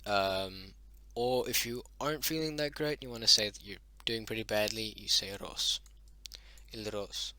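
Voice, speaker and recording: A young man talking slowly through a homemade language lesson, his voice bright and tense with a fairly low pitch. He stops often for fillers and corrections and mutters to himself when he slips. The sound is dry and close, with no room around it. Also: clear, resonant tone, dry recording. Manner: halting, many fillers and self-corrections, mutters "oh, damn". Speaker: hobbyist language teacher.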